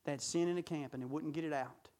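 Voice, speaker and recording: A middle-aged man preaching a sermon, folksy and full of rhetorical questions, swinging from shouts to low intimate talk. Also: fairly even intonation, fast.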